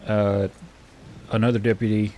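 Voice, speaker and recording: A man playing a frontier healer in relaxed in-character roleplay, rambling and hesitant with many fillers. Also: fairly low pitch, moderate pace, a little hiss or hum. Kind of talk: in-character western roleplay chat.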